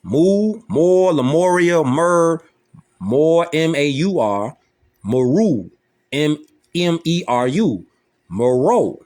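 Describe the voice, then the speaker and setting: Animated Chicago man talking slang. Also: fairly high pitch, slow pace. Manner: loose, slangy, repeats "you know what I'm saying". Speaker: social media talker. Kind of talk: casual monologue.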